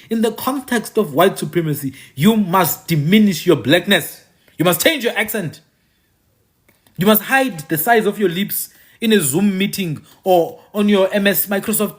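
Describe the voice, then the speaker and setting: A man giving an impassioned monologue, repeating his phrases for emphasis and dropping mocking asides. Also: high voice. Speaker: commentator.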